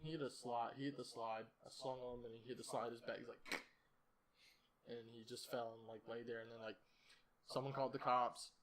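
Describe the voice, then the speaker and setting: A man's voice: mid-range voice, little pitch movement, brisk, a crowd in the background. A young man hosting a podcast, telling a story in a rambling, profane, casual way and laughing at himself. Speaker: podcast host.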